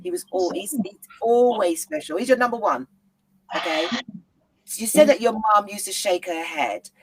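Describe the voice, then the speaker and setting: Gentle, encouraging woman host. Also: mid-range voice, moderate pace, slightly rough, dry recording, low-quality recording. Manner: gentle, encouraging, repeats reassurances. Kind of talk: supportive interview.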